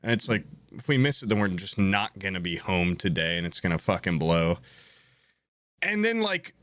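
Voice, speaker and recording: Animated young man telling a story. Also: deep voice, normal speed, no room sound. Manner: animated, swears often, acts out quoted voices. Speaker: podcast co-host telling a story. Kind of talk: casual comedic storytelling.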